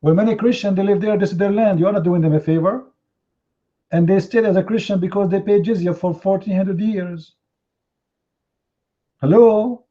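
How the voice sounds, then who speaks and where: Male debate host, fairly high voice, combative and sarcastic, non-native English, slightly muffled stream audio. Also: normal speed, long pauses. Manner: confrontational, mocking, rhetorical questions. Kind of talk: heated live online debate.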